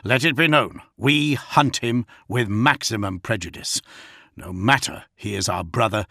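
A man's voice: fairly low pitch, a little slow, vocal fry, pushed and bright, no echo, exaggerated voice. Male narrator as a stern general, commanding, firm, dry sound.

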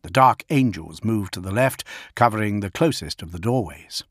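A man narrating an audiobook in a low, steady, grave voice. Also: normal speed, no echo, clean studio sound. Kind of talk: dramatic scripted narration.

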